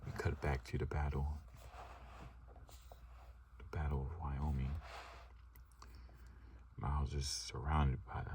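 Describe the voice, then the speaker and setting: A man narrating an ASMR comic reading in a soft, unhurried whisper with a gravelly voice. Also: a bass voice, recorded from a distance, a little hiss or hum.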